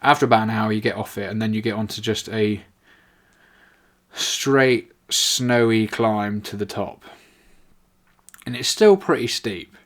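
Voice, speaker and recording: A man's voice: lowish voice, steady tone, measured pace, pauses often, fairly bright tone. A young man casually telling a rambling, sweary story, full of "like" fillers. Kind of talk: casual anecdote.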